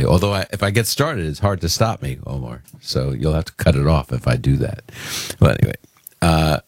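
Very deep-voiced man hosting call-in radio. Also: dry recording, studio quality. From Brooklyn, New York. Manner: earnest, conversational, with fillers and restarts. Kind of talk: casual radio talk.

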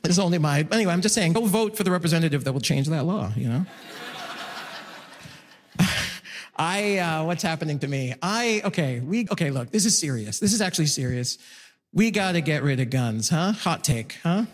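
A man doing a stand-up comedy set on stage, animated and exclamatory, acting out his own reactions. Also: on the high side, moderate pace, a little hiss or hum. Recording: live room with long reverb.

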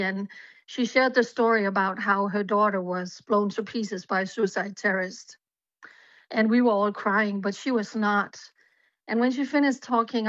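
A woman's voice: medium pitch, fairly bright tone, no echo. A woman from Denmark telling her personal story as a guest on a radio interview, earnest and heartfelt. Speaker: guest journalist. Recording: dull lo-fi remote line.

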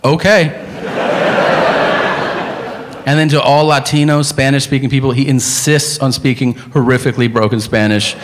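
A man doing a stand-up comedy set, profane and animated, telling stories with impressions. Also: medium pitch, fairly quick, hardly any pauses, a little hiss or hum. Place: comedy club stage. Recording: live club recording with crowd. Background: audience laughter.

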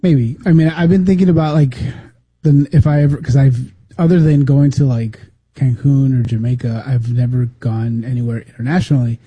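A man co-hosting a radio chat, speaking hesitantly with many halting restarts. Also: mid-range voice, fairly even intonation, husky, no echo, muffled recording.

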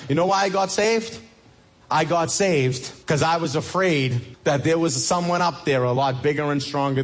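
Emphatic preaching man, slightly high voice. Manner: emphatic, repetitive preaching with sudden rises in pitch. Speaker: pastor. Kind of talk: sermon.

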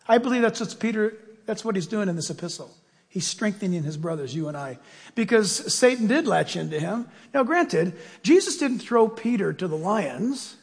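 A male pastor delivers a lively sermon, acting out little voices in his stories. His voice sits high and leaps around in pitch. It carries a husky grain and rings with the long reverb of a large hall. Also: normal speed. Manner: animated storytelling with acted-out voices.

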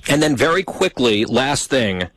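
A man's voice: mid-range voice, animated, measured pace, a bit bright, low-quality recording. A man hosting a podcast, chatting casually in a wry, teasing way. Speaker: host.

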